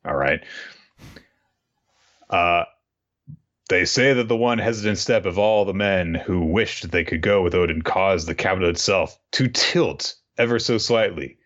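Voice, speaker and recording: A man with a lowish voice walks through a story in relaxed podcast chat, slipping into the characters' lines as he goes. The sound is dull and a bit lo-fi. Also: a little slow. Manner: recaps scenes by acting out the characters' lines. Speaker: podcast co-host recapping a manga. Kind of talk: casual chat. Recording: dull lo-fi recording.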